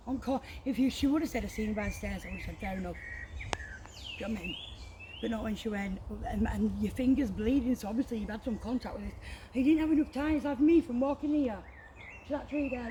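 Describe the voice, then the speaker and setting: A woman with a high voice tells a story outdoors, swearing freely and speaking with heat. She is on a walk, with faint outdoor noise behind her. The chat is casual. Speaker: walking companion.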